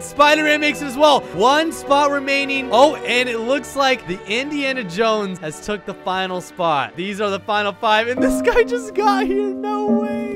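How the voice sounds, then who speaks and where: A young man hosting and commentating a game show with excited exclamations and quick laughs. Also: high voice. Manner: hyped, exclaiming, laughing between lines. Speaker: host. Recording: music playing behind the voice.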